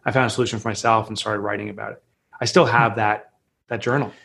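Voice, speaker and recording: A man's voice: on the low side, little pitch movement, fast talker, gravelly, a bit bright. A man in his forties, a guest author speaking candidly and earnestly in a podcast interview, with frequent restarts. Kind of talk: personal storytelling in a podcast interview.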